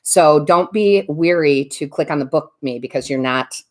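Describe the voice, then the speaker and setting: A middle-aged woman hosts a casual live stream. She greets viewers one by one in a bubbly, chatty way, her voice sitting a little low for a woman. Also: normal speed. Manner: warm, bubbly greetings of viewers by name, frequent laughs. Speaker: tarot reader and medium hosting a live stream.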